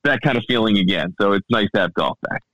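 A man from the Baltimore area chatting casually on a podcast, relaxed and full of fillers and restarts. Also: lowish voice, fast talker, no room sound, lo-fi sound. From Baltimore area, USA. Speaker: golf podcaster and radio station founder.

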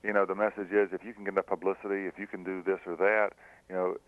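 A middle-aged high school basketball coach, once a pro player, answers radio callers over the telephone on a thin phone line. His voice is low and level with no room sound, and he's soft-spoken and halting, with many fillers and restarts.

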